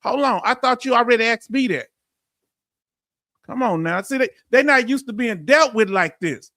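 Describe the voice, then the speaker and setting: Gravelly high-voiced Texan man livestreaming. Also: normal speed, no echo, clean studio sound. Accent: Texan English. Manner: emphatic, animated storytelling with frequent laughs. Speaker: veteran live-stream host. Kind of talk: live-stream talk reading chat comments.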